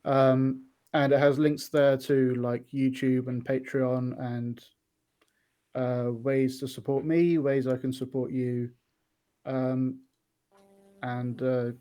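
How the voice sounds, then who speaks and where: A man talks casually as a podcast guest. His pitch barely moves, and he often stops on ums and starts phrases over. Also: flat delivery, takes it slowly, dark tone. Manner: hesitant, many ums and restarts.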